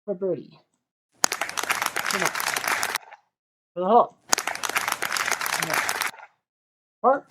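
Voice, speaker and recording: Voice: mid-range voice, drawn-out words, long pauses. A commentator calling shots in a golf game casually, blurting out reactions and the odd swear. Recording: loud crowd and game noise behind the voice. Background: loud crowd and game sound effects.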